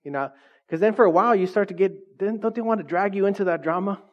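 A man preaching a conversational sermon, animated and chatty, often laughing and asking the congregation questions. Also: high voice, fast, muffled recording. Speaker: pastor.

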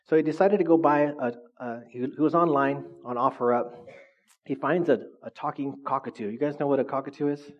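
A pastor giving a sermon in a conversational way, often checking in with "right?". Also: male voice, mid-range voice, fairly quick, muffled recording. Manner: conversational, frequent "right?" tags.

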